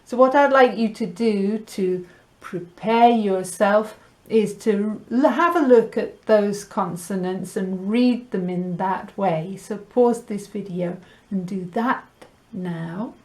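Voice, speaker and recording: A woman teaching a Spanish lesson, drilling sounds clearly and slipping Spanish words into her English. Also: mid-range voice, darkish tone. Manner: slow, clear pronunciation drills with light laughs. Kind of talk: recorded language lesson.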